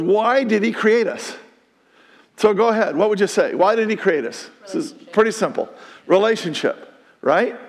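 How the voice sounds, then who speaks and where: High, gravelly-voiced male preacher. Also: long reverb tail. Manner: animated, conversational preaching with laughs and asides. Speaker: pastor. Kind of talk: sermon.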